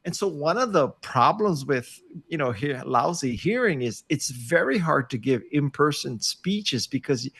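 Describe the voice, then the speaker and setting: A man's voice: a little high, lively intonation, measured pace, fairly bright tone, slightly rough. An older man talking as a guest on a video call, wry and self-deprecating, often emphatic. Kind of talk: casual interview over video call.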